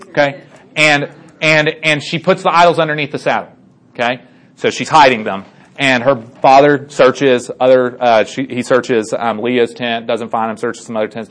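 A man casually retelling a Bible story to a group as their teacher, animated and chatty, with many fillers and asides. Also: medium pitch.

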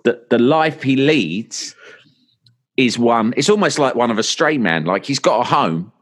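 A man tells a long, meandering story in an easy, chatty way. His pitch sits in an ordinary middle range, and he slips into voices for the people he quotes. It sounds like a podcast guest talking casually. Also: a little slow. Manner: animated anecdotes, voices friends in quotes.

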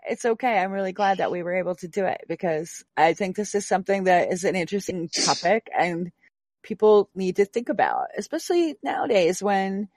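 A woman's voice: medium pitch, very animated, brisk, darkish tone, dry recording. A woman hosts a casual podcast chat, blunt and emphatic, and she swears freely. Her voice sits in the middle range for a woman. The recording is dry, with little room sound. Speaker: podcast host.

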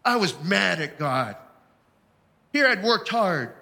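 High, bright-voiced man preaching in a hall. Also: very animated, slow pace, gravelly. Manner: storytelling testimony, emphatic. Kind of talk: sermon. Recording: long hall reverb.

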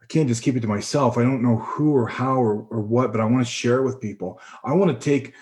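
A middle-aged man giving a personal testimony, earnest and reflective, pausing and restarting as he speaks. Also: mid-range voice, a little mellow. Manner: earnest, reflective, halting with pauses. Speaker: personal storyteller.

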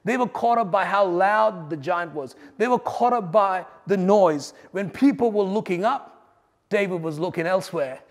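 A man delivers a sermon in a high, ringing voice, building to loud emphatic points and then dropping to quiet asides. His words trail off into the long reverb of a large hall. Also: normal speed. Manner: dynamic preaching, swings between loud emphasis and quiet asides. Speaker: pastor.

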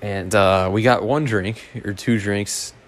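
A man's voice: on the low side, steady tone, slow, a little hiss or hum. A man telling a rambling, profane story in a casual, self-mocking way, like a podcast host.

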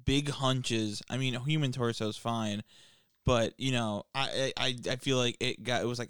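A man's voice: mid-range voice, normal speed, fairly bright tone, clear, resonant tone, no room sound, clean studio sound. Wry, hesitant man on a podcast. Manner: amused, wry, hesitant with many restarts. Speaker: podcast co-host. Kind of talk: casual podcast chat.

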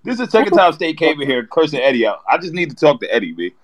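A man in a casual live audio chat, incredulous and teasing, quick to laugh. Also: a little high, big pitch swings.

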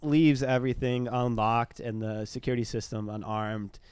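A man's voice: medium pitch, little pitch movement, normal speed, darkish tone, smooth, dry recording. A young man telling a ghost story in casual podcast chat, rambling, with lots of fillers. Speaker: storyteller, former tour guide.

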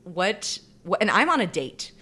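A woman's voice: medium pitch, very animated, measured pace, pushed and bright. A woman co-hosting a podcast, telling a story in casual chat and laughing often. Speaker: podcast co-host.

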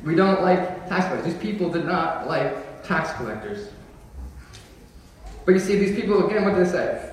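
A man's voice: high voice, expressive, brisk. A young adult man preaching a sermon in a casual, joking way that builds to emphatic declarations. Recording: echoey hall, voice from far off.

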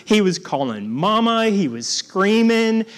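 Halting, storytelling preacher man. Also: high-pitched, big pitch swings. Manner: halting, repeats words, jokes with the congregation. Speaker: guest preacher. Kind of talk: storytelling sermon.

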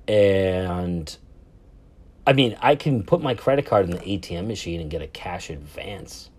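A man's voice: sits low, animated, measured pace, darkish tone, slightly rough. A man in his thirties casually telling a travel story, rambling and swearing, with lots of fillers and restarts.

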